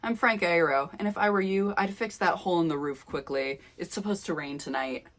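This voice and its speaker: A woman's voice: fairly low pitch, a little fast, fairly bright tone, close to an everyday voice. A woman voicing a laid-back, teasing punk teenage boy from her own story. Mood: casual.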